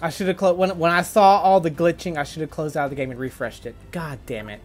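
A man giving casual gameplay commentary, excitable and quick to swear, stammering and restarting when worked up. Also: fairly high pitch, faint music behind. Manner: excitable, swings from gleeful to furious ranting. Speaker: gaming YouTuber.

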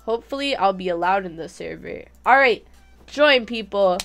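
A young woman streaming a game live, bubbly and giggly, chatting excitedly with her viewers. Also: mid-range voice, normal speed, vocal fry, faint music behind. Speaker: gaming streamer. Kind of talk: live-stream gameplay chat.

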